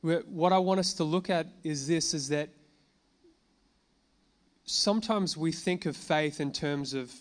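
Male preacher, sermon, resonant clear voice, slightly high pitch, slow scripture reading, casual asides to the congregation. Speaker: pastor. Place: church gathering addressing a congregation.

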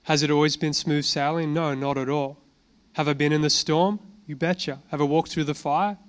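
Smooth-voiced man preaching. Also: a little high, fairly even intonation, normal speed. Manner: conversational, rhetorical questions and answers. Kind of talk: informal sermon with personal testimony.

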